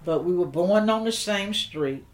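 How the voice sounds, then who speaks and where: An older woman, telling a personal story in an interview, slow and reflective with halting restarts. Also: fairly low pitch, animated.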